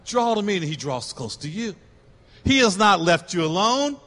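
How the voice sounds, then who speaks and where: A man's voice: sits high, very animated, moderate pace, bright, forceful tone, big-room sound. A man preaching a sermon, emphatic and repetitive, swelling to passionate cries. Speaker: pastor.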